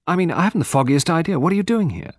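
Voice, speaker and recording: A man voicing a blunt, flustered young man who speaks in a brisk, offhand, clipped way. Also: mid-range voice, expressive, no echo, studio quality, pitched above the performer's own voice, natural voice.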